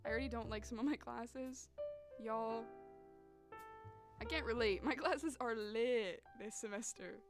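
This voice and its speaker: A young woman from North Carolina, chatting casually with her live-stream viewers in a sassy, animated way. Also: on the high side. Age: young adult. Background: music.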